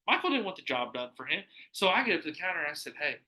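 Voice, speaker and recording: A man's voice: a little high, big pitch swings, very fast, hardly any pauses, pushed and bright, poor audio. A man hosting a podcast, telling a rambling, profane story in casual chat, laughing often and acting out what people said. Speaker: podcast host.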